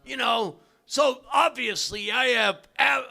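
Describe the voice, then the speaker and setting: An older man doing a stand-up comedy set in a club, loud and profane, often shouting his punchlines. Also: very high voice, takes it slowly, vocal fry. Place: comedy club stage, live audience.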